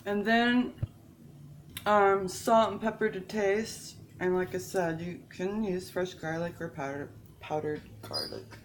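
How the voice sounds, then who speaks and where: Home-cook woman, low unhurried voice, chatty and rambling, echoey kitchen with background noise. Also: steady tone. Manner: rambling, chatty, self-interrupting. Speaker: home cook showing recipes. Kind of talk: casual cooking demonstration.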